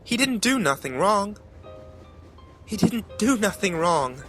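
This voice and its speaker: A man voicing a frantic rural woman who pleads in a high, breathless voice. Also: sing-song, slow, fairly bright tone, faint music behind, exaggerated voice. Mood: pleading.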